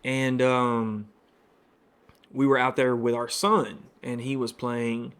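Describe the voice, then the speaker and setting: A man's voice: medium pitch, steady tone, slow pace, a bit bright, smooth. A man hosting his own podcast, telling a personal story in a candid, conversational way full of fillers and asides. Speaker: podcast host.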